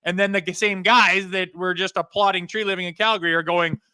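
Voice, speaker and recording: Heated male podcast co-host, bright forceful tone, dry close sound, ranting and swearing. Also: high-pitched, steady tone, fairly quick, clear, resonant tone, no room sound. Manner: fired-up ranting, swears freely. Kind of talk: heated hockey talk.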